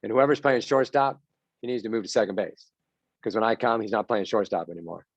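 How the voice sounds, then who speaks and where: A man's voice: lowish voice, brisk, no echo, lo-fi sound. A man giving a motivational talk to baseball players as their mental coach, punchy and repetitive, having them chant mantras.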